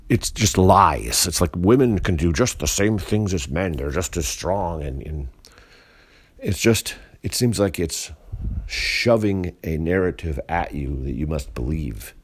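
A man with a very low, husky voice delivers a solo podcast monologue. He rants bluntly with plenty of profanity, rambling and restarting his sentences as he goes. The grumbling tone stays disgruntled throughout. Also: animated, unhurried. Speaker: podcast host.

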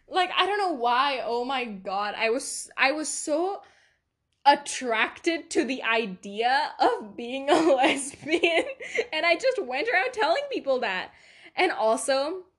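Chatty young woman with a higher voice. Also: very animated, slow pace, a bit bright. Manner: chatty, laughs often, rambling asides. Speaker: podcast host. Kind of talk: casual confessional chat.

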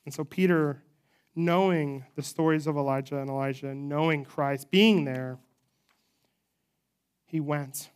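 A pastor delivers a sermon in a relaxed, conversational storytelling manner, moving through a scripture passage and pausing for personal asides. The voice sits at a middle pitch. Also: clear, resonant tone.

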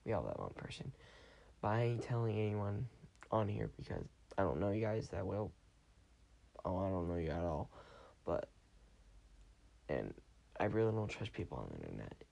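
Tired, gravelly young man rambling casually. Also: sits low, big pitch swings, normal speed, long pauses, darkish tone, muffled recording. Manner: chatty, rambling, self-correcting. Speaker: podcast host.

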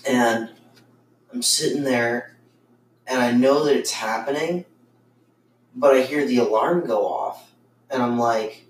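A man's voice: mid-range voice, unhurried, long pauses. A man casually telling a ghost story on a podcast, rambling with lots of swearing and fillers. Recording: roomy, distant mic with faint noise.

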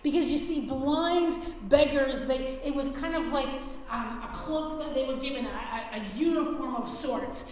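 A woman's voice: sits high, a little slow, hardly any pauses, crowd noise. A woman preaching a sermon earnestly, with frequent restarts, acting out the voices she quotes. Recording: very echoey hall, faint room ambience.

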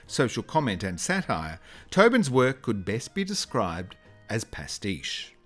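A man's voice: medium pitch, fairly bright tone. A man reading a scripted, upbeat introduction as narrator.

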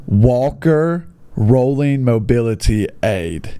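A young man reads classified ads aloud and pokes fun at them in a sarcastic, incredulous way. His pitch swings widely as he jokes. The sound is dry, with almost no room echo. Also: big pitch swings, measured pace, a little mellow. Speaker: online video host reading classified ads. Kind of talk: casual comedic commentary.

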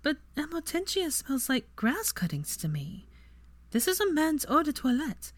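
A woman's voice: sits high, sing-song, no room sound, pitched above the performer's own voice. A woman voicing a bossy, witty young woman who teases and scolds with a dry, sarcastic edge. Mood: bright, teasing. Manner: brisk, teasing, sarcastic.

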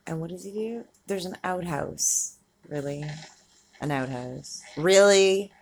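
Over slight background noise, a woman with a fairly low voice speaks slowly as she reacts to a film. Her running commentary is casual and talkative, full of swearing, laughter, and exclamations aimed at the screen.

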